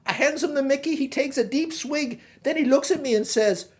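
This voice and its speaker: A woman's voice: sits high, fairly quick, natural voice. A woman playing a chatty middle-aged Irish pig farmer in a stage Irish accent, telling a rambling comic story. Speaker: guest host. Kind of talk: comic monologue in character.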